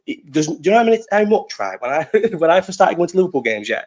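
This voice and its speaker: A man's voice: high-pitched, big pitch swings, quick pace, darkish tone. A young man from Bolton with a Northern English accent, hosting a casual live chat in a rambling, sweary way and laughing often. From Bolton, England. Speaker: live stream host.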